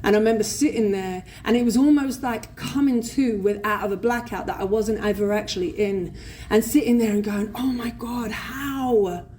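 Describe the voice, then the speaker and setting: A woman with a London accent telling her recovery story at a convention, blunt, swearing and animated. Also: medium pitch, brisk. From England. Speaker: recovery speaker. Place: convention hall stage. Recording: faint room noise at a convention.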